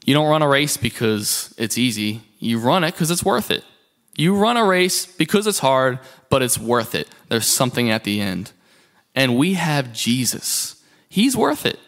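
A man's voice: mid-range voice, very animated, measured pace, fairly bright tone. Passionate male pastor preaching. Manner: passionate, rising and falling emphasis, rhetorical questions. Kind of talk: sermon.

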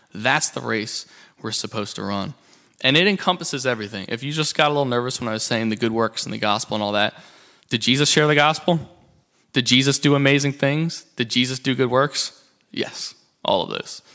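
Young male pastor, sermon delivery, passionate, mid-pitched. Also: vocal fry, sharp tone. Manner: passionate, rising and falling emphasis, rhetorical questions.

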